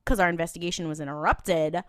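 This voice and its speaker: A woman's voice: on the low side, steady tone, quick pace, no room sound, lightly acted. A woman quoting a smug young male monster hunter in a dry, matter-of-fact voice. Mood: deadpan.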